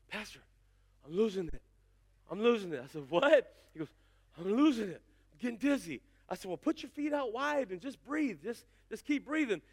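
A pastor in his fifties preaching a sermon, telling stories with asides to the congregation. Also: sits high. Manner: animated storytelling with asides to the congregation.

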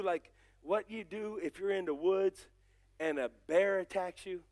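A man with a very high voice preaches in church, swinging from folksy, joking asides aimed at people in the pews to fervent, shouted calls. His delivery is loose and conversational between the peaks of intensity. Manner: folksy and joking, addresses members of the congregation. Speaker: pastor. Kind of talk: sermon.

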